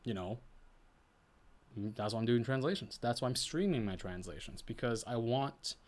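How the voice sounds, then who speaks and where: Talking at normal speed, a male VTuber rambles through casual solo stream chat. He thinks out loud, restarting and correcting himself a lot, alternating quiet low mumbling with animated high emphasis.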